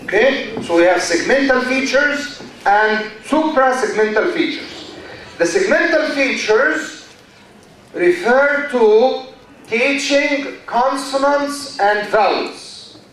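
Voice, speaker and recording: An Egyptian-accented male lecturer, whose first language is Arabic, speaks slowly in a fairly high voice, repeating terms and asking "okay?". He is recorded from far off in a big, very echoey hall with faint background noise. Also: expressive, a bit bright. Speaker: university lecturer. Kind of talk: classroom lecture.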